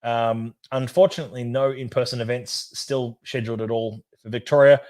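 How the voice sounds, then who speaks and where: A man's voice: medium pitch, normal speed, a little mellow. A man hosting a casual whisky livestream, chatting loosely, reading out viewer comments and laughing easily. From Australia. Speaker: whisky society host.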